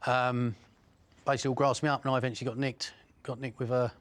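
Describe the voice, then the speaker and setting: A man's voice: medium pitch, flat delivery, quick pace. A middle-aged man with an Essex accent, bluntly recounting crime stories, swearing and restarting often. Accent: Essex English. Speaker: interviewee.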